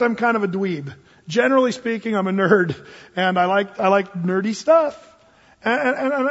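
A male pastor preaching a sermon in a lively, animated way, acting out Bible figures in quick asides. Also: sits high, breathy edge. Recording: lo-fi sound in a hall with long reverb.

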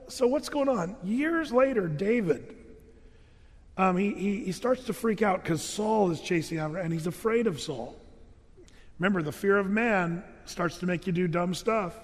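High-voiced man preaching in a hall. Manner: storytelling, acting out voices with rising pitch. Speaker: pastor. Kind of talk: sermon. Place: church hall.

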